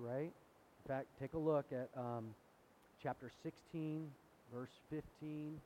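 A pastor delivers a sermon in a conversational teaching style, quoting scripture and asking his listeners questions. His voice is medium-pitched, dark, and measured, on poor audio with faint hiss.

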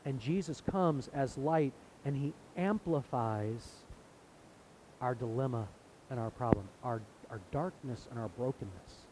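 A man's voice: mid-range voice, unhurried, noisy background. A man preaching a sermon in an earnest way, now and then acting out the voices of people in the story. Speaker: pastor.

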